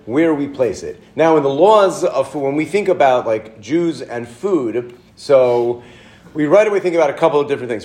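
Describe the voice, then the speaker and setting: A middle-aged man, a rabbi, giving an informal Torah lesson to a live class, telling stories in a chatty way and getting lively as he goes. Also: medium pitch. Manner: chatty storyteller, lively with rising excitement, self-interrupting.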